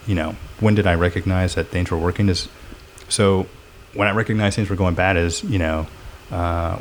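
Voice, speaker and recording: A man's voice: deep voice, slight background noise. A middle-aged man talking through his experiences in a reflective, rambling way, full of fillers, as a guest in a casual podcast chat. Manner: reflective, talks in long rambling runs with many fillers.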